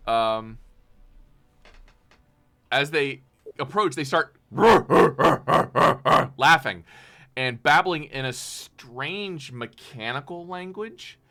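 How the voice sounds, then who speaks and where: A man's voice: medium pitch, slow, pauses often, sharp tone. A man narrating as game master of a tabletop game, loose and chatty with frequent ums.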